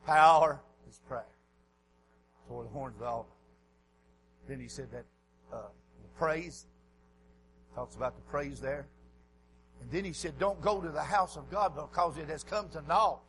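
A man preaching a folksy revival sermon in a church, dropping to quiet asides and rising to shouts. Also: normal speed, long pauses, a little hiss or hum, rough recording. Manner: folksy, swings from low murmurs to hoarse shouting.

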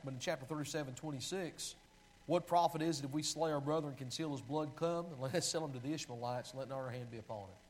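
Man, preacher, sermon, scripture reading, pleading delivery, fairly high voice, self-corrections. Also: poor audio. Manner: reads scripture aloud with pleading, sinking delivery; restarts and self-corrections while finding verses.

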